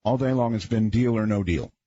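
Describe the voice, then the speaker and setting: A radio talk show host, a man with a husky voice, talking in a rambling, conversational late-night monologue with folksy asides. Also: fairly low pitch, fairly quick, warm tone, no room sound, dull audio.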